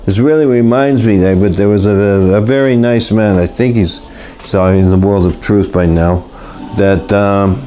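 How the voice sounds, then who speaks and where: A man teaching a live Torah class, talking haltingly with many repeated words and restarts. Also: lowish voice, warm tone. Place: classroom in Los Angeles.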